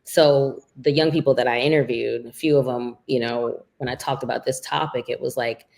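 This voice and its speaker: A woman's voice: very deep voice, fairly even intonation, moderate pace, vocal fry, darkish tone. A woman who is an author and minister, speaking as a guest in a reflective interview and working through her ideas with frequent fillers. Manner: thoughtful, talks through ideas with many fillers.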